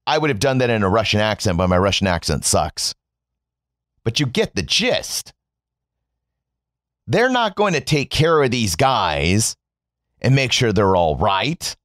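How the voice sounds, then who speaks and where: Sarcastic man ranting with swings of pitch. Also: very animated, measured pace, pauses often, fairly bright tone, no room sound, studio quality. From United States. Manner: sarcastic, mocking, profane. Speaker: political commentator. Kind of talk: sarcastic opinion monologue.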